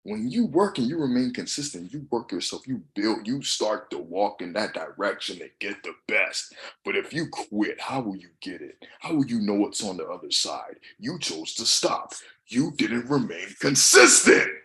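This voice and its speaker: A young adult man giving a motivational monologue, passionate and swinging from shouts to soft asides. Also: lowish voice, big pitch swings, normal speed. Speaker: motivational speaker.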